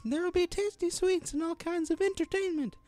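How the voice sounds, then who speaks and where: A man voicing a princess in a strained high falsetto while reading game text. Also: steady tone, fairly quick, darkish tone. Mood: sweet. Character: Princess Peach in a falsetto girl voice.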